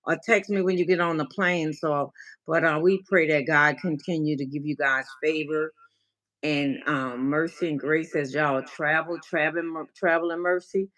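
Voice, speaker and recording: A woman's voice: low voice, fairly even intonation, moderate pace, a bit bright, low-quality recording. A woman life coach hosting a casual livestream check-in. She is playful and chatty, answers viewers by name, calls them baby and mixes in encouragement and faith talk.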